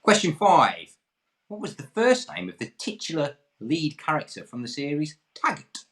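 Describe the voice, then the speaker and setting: A man's voice: fairly high pitch, sing-song, moderate pace, a bit bright. A man from England hosting an online pub quiz, reading questions in a jokey, self-deprecating way. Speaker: quiz host.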